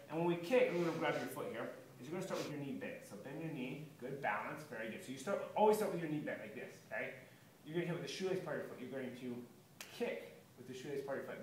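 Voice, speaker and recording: A man coaches a child through karate drills, rattling off counts and praise at a brisk clip. His voice sits a little high for a man and bounces around a bare, echoey studio. He stands back from the microphone, with a faint hiss underneath. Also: far from the mic. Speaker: karate instructor. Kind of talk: kids' self-defense lesson. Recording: echoey room, voice from off-mic.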